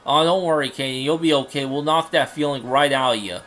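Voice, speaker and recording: A man's voice: mid-range voice, brisk, soft background music, natural voice. Hinata, a man voicing a brash samurai. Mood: encouraging. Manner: loud, boastful, blunt. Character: brash young male samurai retainer. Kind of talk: fan dub of game dialogue.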